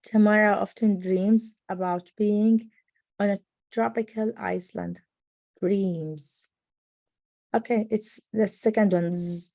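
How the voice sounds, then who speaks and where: Female student, slow and mellow, dry close recording. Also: medium pitch, steady tone, dry recording. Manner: slow, careful repeating and reading aloud. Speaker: language student. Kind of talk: pronunciation practice.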